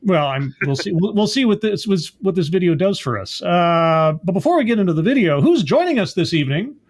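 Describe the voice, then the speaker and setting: A man's voice: high-pitched, sing-song, fairly quick. A man hosting a casual online show, upbeat and playful as he greets viewers and his guest. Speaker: host. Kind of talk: casual chat.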